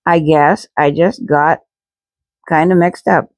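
A woman's voice: low-pitched, fairly even intonation, slow, dry recording. Woman doing a tearful, earnest little girl. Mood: hesitant. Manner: hesitant, pleading. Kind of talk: storybook reading.

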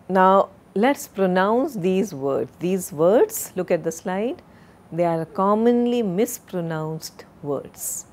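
Slow, deliberate woman lecturer. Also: medium pitch, animated, a little mellow. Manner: slow, deliberate, drills word pronunciations. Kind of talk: recorded classroom lecture.

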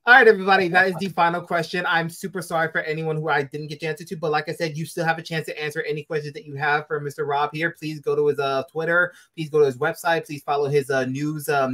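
A man's voice: fairly high pitch, steady tone, fast talker, few pauses, pushed and bright. A young man hosting a podcast interview, eager, gushing and apologetic, wrapping up with his audience. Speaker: podcast host.

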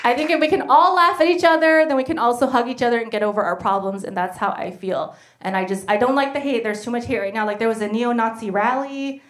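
A woman performs a stand-up set, lively and quick to slip into the voices of people in her stories. Her voice sits high. The sound carries the echo of a live room. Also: slight background noise. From United States. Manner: animated, acts out voices in quoted bits. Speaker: stand-up comedian. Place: comedy venue stage.

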